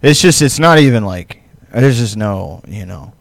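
Podcast co-host, man, rambling casual storyteller with a lively, up-and-down pitch and a dry, close sound. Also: a little slow, gravelly, no room sound. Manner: rambling, profane, lots of fillers; laughs often. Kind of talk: casual chat.

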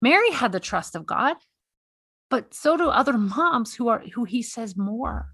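Earnest husky-voiced woman host. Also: a little high, animated, a little slow, a bit bright, dry recording. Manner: earnest, repeats words, exhorting. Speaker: podcast host. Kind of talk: faith-based conversation.

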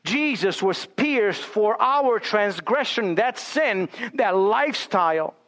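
A male pastor preaching a sermon in a church sanctuary, emphatic and deliberate, often dropping to a hushed tone. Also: high voice, animated. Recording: long hall reverb.

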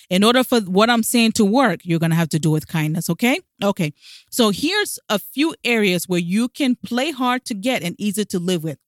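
A woman at a mid pitch who talks with an audible smile, coaching her listeners and leaning on rhetorical questions. Her delivery is emphatic and direct. The recording is close and dry, with no room sound. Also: expressive, fairly quick, no echo. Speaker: dating advice coach. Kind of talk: direct-to-camera advice talk.

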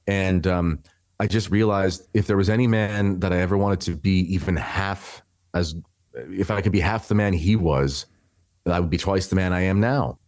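A man's voice: sits low, normal speed, darkish tone, dry recording. A man in his thirties from Canada, a podcast guest telling his story in a rambling, conversational way, full of restarts and fillers.

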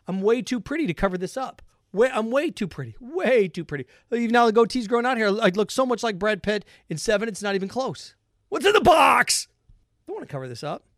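Angry high-voiced male radio ranter. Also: no room sound, studio quality. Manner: heated, sarcastic, repetitive emphasis. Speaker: sports radio host. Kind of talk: angry monologue rant.

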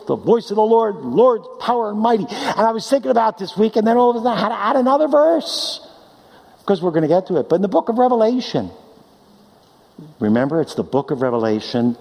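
A man preaching a sermon, animated, swinging between loud high declaiming and quiet low asides. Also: brisk, gravelly. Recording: long hall reverb.

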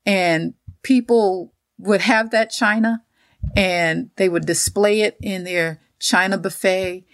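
A woman's voice: mid-range voice, steady tone, slow, no room sound, clean studio sound. A woman reading scripture verses aloud and retelling them in a conversational Bible study. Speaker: co-host of a Bible study talk. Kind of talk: scripture reading and casual discussion.

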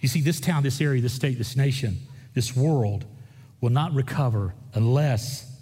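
A pastor preaching a lively sermon, full of jokes and quick asides to the congregation. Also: male voice, medium pitch, slightly rough. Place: large church hall. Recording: echoey hall, from far off.

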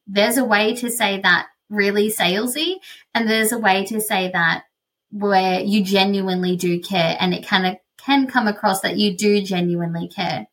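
A woman's voice: medium pitch, a bit bright. A woman hosting a solo business podcast, explaining sales technique in a conversational way with frequent fillers. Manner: conversational, explanatory, many "you know" fillers. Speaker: podcast host, business consultant.

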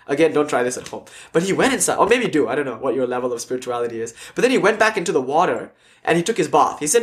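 Guy teaching a spiritual class, animated, acts out quotes, higher voice. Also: fast. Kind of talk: casual lecture. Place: class with online audience.

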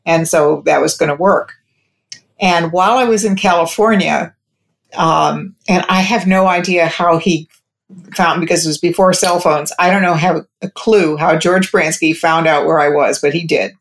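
A woman with a lowish, steady voice tells a personal story to an interviewer at a moderate pace. She rambles, keeps restarting her sentences, and quotes what other people said.

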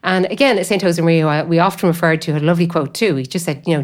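Low-voiced woman talking faith, rambling. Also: rapid-fire. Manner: rambling, full of "you know" fillers. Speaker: guest speaker on faith. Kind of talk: conversational spiritual talk.

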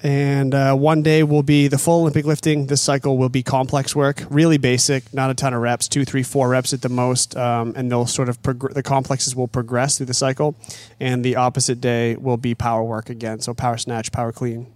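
A man's voice: mid-range voice, little pitch movement, a little fast, few pauses, darkish tone, dry recording. A man coaching athletes on an off-season training program, explaining it plainly in casual chat and pressing hard on the value of running.

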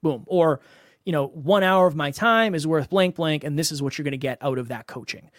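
A man's voice: on the high side, a little fast, no echo, studio quality. A man hosting a solo podcast as a coach, talking emphatically and often repeating words for stress.

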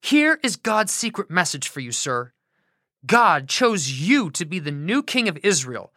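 A woman voicing a jumpy young male intern prophet who talks in a hurried, panting way. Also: on the low side, sing-song, a bit bright, no room sound, studio quality, heavily acted. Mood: eager.

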